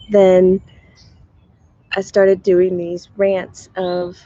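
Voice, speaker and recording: A woman's voice: fairly low pitch, monotone, slow, long pauses, dark tone, no echo, muffled recording. A woman hosting a live stream as a spiritual medium, chatting casually with viewers, sounding tired in her morning voice and laughing often.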